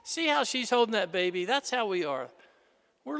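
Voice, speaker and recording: Male priest, sermon, high voice, dramatic loud and soft swings, echoing church. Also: very animated, moderate pace, gravelly. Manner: dramatic, swings from shouting to hushed tones. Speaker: pastor. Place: large church. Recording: reverberant church hall.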